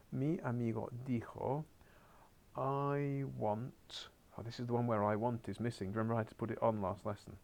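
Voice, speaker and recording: A man's voice: medium pitch, vocal fry, a little mellow. A man teaching a beginners' Spanish class, coaxing his pupils along with wry asides and muttered whispers, heard in a school classroom.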